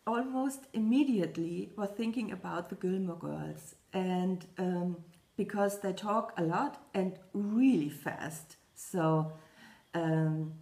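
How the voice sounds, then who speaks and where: Woman chatting slowly on her craft vlog, lots of ums, echoey room. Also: medium pitch, darkish tone. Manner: slow, hesitant, many fillers and restarts. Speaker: Flosstube vlogger. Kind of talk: casual chat to camera.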